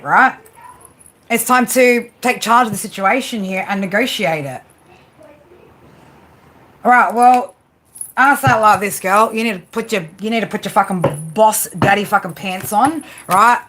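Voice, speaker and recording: A woman's voice: medium pitch, a bit bright. Blunt, profane woman tarot reader. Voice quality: blunt and profane, peppers talk with "right?". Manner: emphatic, coaching tone. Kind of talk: live tarot reading.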